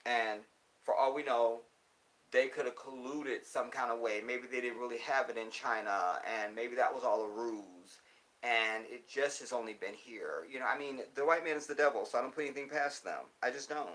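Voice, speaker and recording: A male livestream host in loose, casual chat, answering viewer comments with blunt profanity. He lectures in emphatic bursts and keeps checking in with his audience, with a voice of middling pitch for a man. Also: normal speed, a bit bright. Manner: preachy, keeps checking in with the listener.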